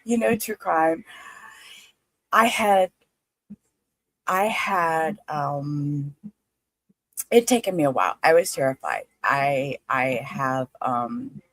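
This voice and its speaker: A woman, hosting a livestream in a chatty, halting, excitable way. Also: sits low, no room sound, rough recording. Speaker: livestream host. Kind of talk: casual livestream chat.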